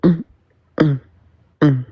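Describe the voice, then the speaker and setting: Woman, livestream host, gossip commentary, very slow and dramatic, lowish voice, dry close sound. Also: warm tone, slightly rough, dry recording. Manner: dramatic and drawn-out, with teasing sing-song repetition.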